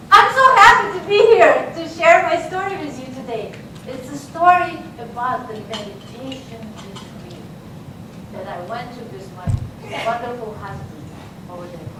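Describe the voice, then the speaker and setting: A woman's voice: animated, measured pace, pushed and bright. A woman, not a native English speaker, giving a humorous contest speech as a playful storyteller. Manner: playful storyteller with sudden high squeaks. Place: contest hall. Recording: echoey hall, far mic, noisy.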